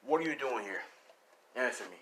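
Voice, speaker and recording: Man playing a pushy young masked hero, blunt questions, bright lively voice. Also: medium pitch, fairly quick, slight background noise, close to an everyday voice, rough recording. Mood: stern. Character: young male masked hero, stern and impatient.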